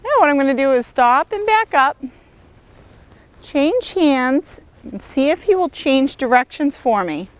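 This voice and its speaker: Calm woman horse trainer, slightly high. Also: a little slow, no echo. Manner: calm, encouraging, praises the horse often. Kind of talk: instructional demonstration. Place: outdoors at a horse arena.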